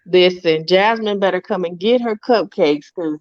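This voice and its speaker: A middle-aged woman talks casually as an interview guest, swinging into lively put-on voices for the people in her stories. Her audio is dry and a little dull, like a remote call. She laughs easily as she tells them. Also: lowish voice, moderate pace, no echo. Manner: lively storyteller, acts out quoted voices, laughs often. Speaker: guest author and entrepreneur.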